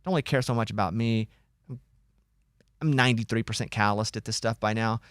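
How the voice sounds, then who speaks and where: A man hosting a radio talk show, telling a long story in a lively casual way and acting out what others said. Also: fairly low pitch, fairly quick, clear, resonant tone, no room sound, studio quality. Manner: animated storyteller, acts out quoted voices.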